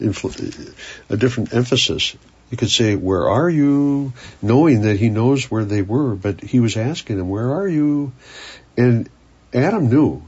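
A man preaching a sermon in an earnest, unhurried way, sometimes repeating words as he searches for them. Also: on the low side, a little mellow, breathy edge, muffled recording.

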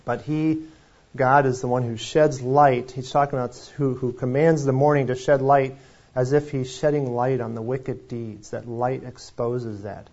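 A man's voice: mid-range voice, flat delivery, measured pace, darkish tone. A man leading an informal Bible study, talking conversationally with rambling asides and self-deprecating jokes. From Wisconsin. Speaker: preacher. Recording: slightly dull lo-fi sound.

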